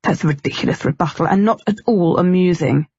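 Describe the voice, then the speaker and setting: A woman's voice: lowish voice, a little fast, darkish tone, breathy edge, dry recording, lo-fi sound. A woman voicing a gloomy, frustrated young man returned from death, in an audiobook reading. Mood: brooding.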